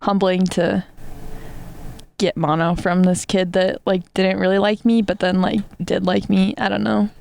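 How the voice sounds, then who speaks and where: A young woman co-hosts a casual chat podcast. She tells her story with lively energy and keeps turning to address the listeners directly. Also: mid-range voice, unhurried, gravelly. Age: young adult. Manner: animated storyteller, talks straight to listeners as "guys". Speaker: podcast co-host.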